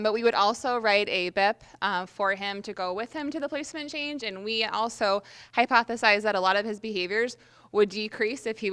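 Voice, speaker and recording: A woman teacher presenting her group's plan to a workshop, earnest with frequent pauses. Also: mid-range voice, pushed and bright, clean tone.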